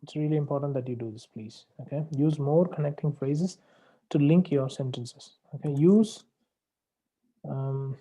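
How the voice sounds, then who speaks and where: A man working as an English test tutor, going over a student's mistakes and repeating the key advice slowly for emphasis. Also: fairly high pitch, warm tone, highs cut off. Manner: corrective and repetitive, slows down to stress key phrases. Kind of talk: spoken feedback on a practice test.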